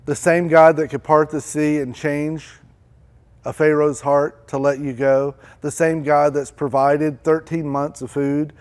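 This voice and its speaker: A man preaching a church sermon, acting out desperate pleas with rising intensity and then dropping low and quiet. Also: flat delivery, a little slow, clean tone. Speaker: pastor.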